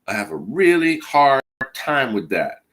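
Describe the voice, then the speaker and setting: A man's voice: mid-range voice, very animated, measured pace, a bit bright. Angry profane man in his forties ranting. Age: 40s. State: has a cold. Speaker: streamer. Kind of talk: ranting monologue to camera.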